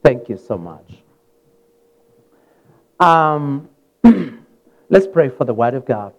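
A man from Africa preaching a sermon in a church, retelling scripture with sudden loud rises and soft drops. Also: medium pitch, very animated, drawn-out words, creaky, pauses often, low-quality recording. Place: church hall.

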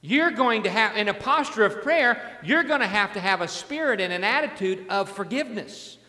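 A man's voice: high voice, lively intonation, normal speed, pushed and bright, long reverb tail. A man preaching a sermon as a pastor, in a conversational way, often repeating his words and asking the congregation questions.

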